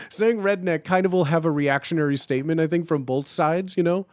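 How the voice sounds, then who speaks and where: A man's voice: on the high side, normal speed, no room sound, clean studio sound. A young man in his twenties chatting casually and jokingly on a live stream, reading and answering chat. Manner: animated, jokey, slangy.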